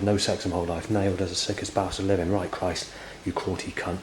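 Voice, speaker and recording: Low-voiced man rambling over hiss. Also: little pitch movement, fast talker, few pauses, low-quality recording. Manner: rambling, hesitant, dotted with fillers. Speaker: diarist recording a personal log. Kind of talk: spoken log. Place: indoors in a building.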